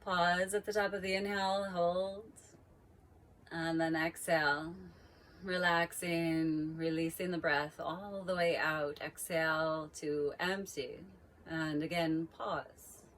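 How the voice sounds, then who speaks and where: A woman yoga teacher calmly leading a guided breathing practice with slow, drawn-out cues. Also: low voice, a little hiss or hum.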